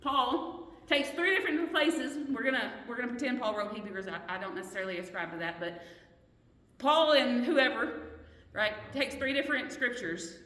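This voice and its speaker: A woman's voice: a little high, lively intonation, normal speed, a bit bright. Woman Bible study teacher, earnest and questioning, recorded from a distance in a roomy hall. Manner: earnest, questioning, restarts mid-sentence.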